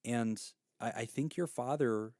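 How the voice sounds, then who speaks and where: A man's voice: medium pitch, a little slow, a little mellow, no echo, clean studio sound. A man in his thirties hosting an advice podcast, telling stories and giving counsel in an earnest, heartfelt way.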